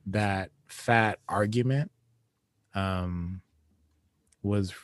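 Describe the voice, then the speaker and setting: A man with a very deep voice talks casually about an anime episode as a podcast co-host. He thinks aloud, hesitating and correcting himself as he goes. The recording is dry and close. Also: moderate pace, darkish tone, no room sound.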